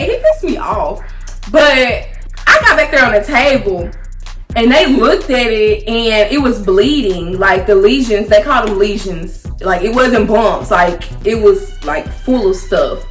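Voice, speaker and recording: A young woman speaks at a middle pitch and tells her story in a loose, conversational way. Her casual vlog delivery leans on "like" and "y'all". The recording has an echoey room sound with soft music in the background. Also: unhurried. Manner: chatty, animated, frequent "like" and "y'all". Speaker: vlogger.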